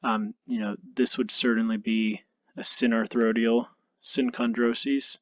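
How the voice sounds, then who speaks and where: A male anatomy instructor giving a recorded lecture over slides, relaxed and self-deprecating, thinking aloud with frequent ums. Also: mid-range voice, measured pace, no room sound, lo-fi sound. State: tired, yawning.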